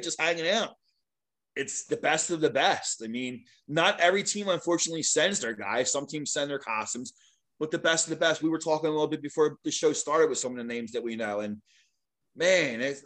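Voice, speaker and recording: A middle-aged man, a guest and longtime sports mascot, telling stories in a casual, animated way, laughing often and acting out what others said. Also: a little high. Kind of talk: casual storytelling.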